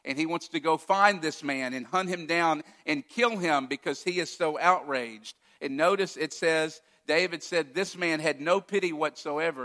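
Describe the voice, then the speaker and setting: A man's voice: on the high side, bright, forceful tone. A man preaching a sermon as a pastor, retelling a story and acting out its quoted lines with feeling. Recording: long hall reverb.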